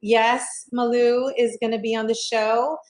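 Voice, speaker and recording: An upbeat woman hosting an interview over a video call. She talks in a slightly high voice, chatty and loose, often circling back and repeating herself as she lays out what comes next. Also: flat delivery, a little slow, a little mellow, low-quality recording. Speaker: host.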